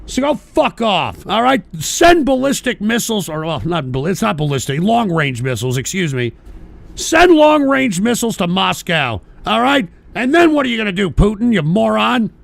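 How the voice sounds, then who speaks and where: A man hosting a political radio show, ranting in a combative, profane way, often shouting and tagging lines with "all right?". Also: high-pitched, very animated, moderate pace, vocal fry. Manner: repeats "all right?" and "for Christ's sake". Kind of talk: political call-in rant.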